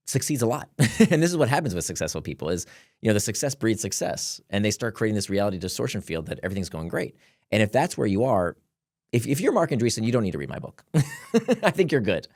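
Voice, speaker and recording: A man, a guest author, explaining his ideas in casual conversation, animated and laughing between points. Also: on the low side, a little fast, dry recording, clean studio sound.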